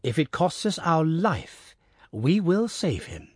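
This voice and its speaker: A man voicing a scheming revolutionary prosecutor in a storybook reading, speaking in a measured, formal, oratorical way. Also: on the high side, very animated, darkish tone, breathy edge, no echo, clean studio sound, voice pushed up, heavily acted. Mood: solemn.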